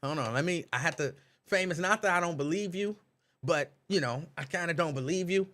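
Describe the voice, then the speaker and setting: A man hosting a live talk stream, reading viewers' comments aloud and riffing on them in an animated, direct way. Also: on the high side, fairly quick. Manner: animated, talks straight to chat viewers. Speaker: talk show host reading live chat.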